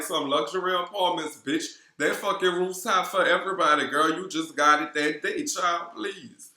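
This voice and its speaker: Sassy man with a New Orleans accent. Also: a little high. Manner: sassy, animated, swears constantly, calls viewers girl. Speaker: reality TV recap vlogger. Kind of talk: casual profane gossip recap. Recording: roomy echo.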